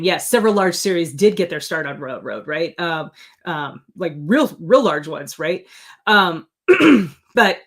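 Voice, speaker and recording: A middle-aged woman with a slightly low voice talks casually to her viewers as host of her own channel. She rambles, restarts and fills pauses with ums, earnest and excited about her work. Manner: chatty, rambling, with many fillers and restarts; earnest and excited, laughing at herself. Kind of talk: casual live chat to viewers.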